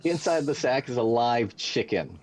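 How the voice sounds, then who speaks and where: A man's voice: medium pitch, expressive, moderate pace, darkish tone, a little hiss or hum. A man narrating a tabletop game as game master, describing loot with some hesitation.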